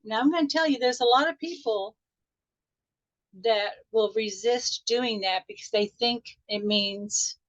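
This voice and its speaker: Soft-spoken woman coach on a call. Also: a little high. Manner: soft, unhurried guiding voice that turns chatty and animated when explaining. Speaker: life coach. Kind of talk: guided meditation and teaching on a live group call. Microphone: video call audio. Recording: dull lo-fi video call sound.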